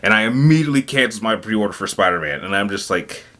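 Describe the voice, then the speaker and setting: A man's voice: fairly low pitch, lively intonation, quick pace, pushed and bright. A man hosting a gaming vlog, talking casually in an agitated, emphatic rant, stumbling and repeating words as he goes. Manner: rambling, repeats words and restarts often. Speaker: gaming YouTuber.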